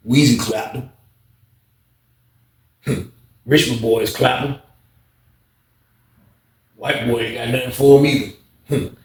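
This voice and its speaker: Animated New storyteller, echoey room. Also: male voice. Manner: acts out other people's voices, jumps high when excited. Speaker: storyteller recounting prison life.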